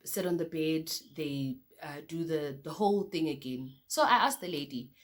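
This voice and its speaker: A young South African woman with a slightly low voice recounts her own story straight to her viewers. She keeps it loose and conversational, calling them "guys" and marking each new beat with a quick "okay, cool.". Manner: chatty, addresses viewers as guys, repeats "okay, cool" between beats. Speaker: vlogger. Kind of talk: casual storytelling to camera.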